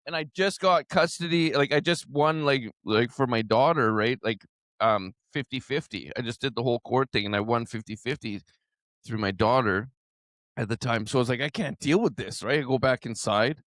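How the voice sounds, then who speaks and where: A man in his thirties hosts a casual podcast and tells his stories with an animated, loose manner, full of "man" and "like". The sound is dry and close, with no room around it. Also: mid-range voice, moderate pace, dry recording. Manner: animated storyteller, says "man" and "like" often. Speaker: podcast host.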